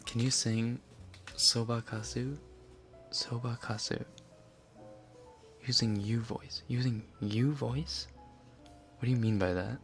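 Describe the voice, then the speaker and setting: A woman chatting casually on a live stream, answering her chat in a soft, giggly, rambling way with lots of fillers. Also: very deep voice, fairly even intonation, slow pace, long pauses, faint music behind.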